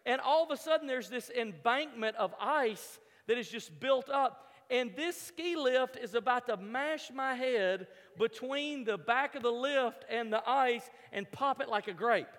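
A man telling a humorous personal story to an audience, animated, stumbling over repeated words and acting out his own thoughts. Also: extremely high pitch, big-room sound.

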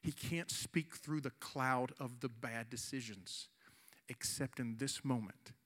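Pleading with the room and slowing down for emphasis, a forty-something youth pastor preaches an earnest sermon with an altar call in a mid-range, fairly bright voice.

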